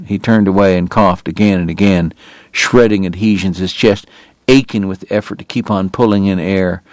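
A man narrating a novel in a measured, steady storytelling voice. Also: low-pitched, dry recording. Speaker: audiobook narrator. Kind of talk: scripted narration.

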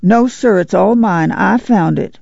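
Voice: mid-range voice, measured pace, gravelly, a little mellow, dry recording, highs cut off. A reader voicing a stubborn, spiteful little farm girl. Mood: defiant. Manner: bratty, defiant.

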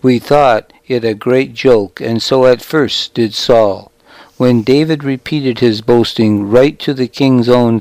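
A man reading a novel aloud as narrator, with measured, deliberate storytelling. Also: medium pitch, darkish tone, dry recording, rough recording. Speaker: audiobook narrator. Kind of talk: scripted narration.

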